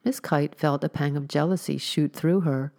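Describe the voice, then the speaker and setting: A woman narrating a story as an audiobook reader, with a measured, steady reading. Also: low-pitched.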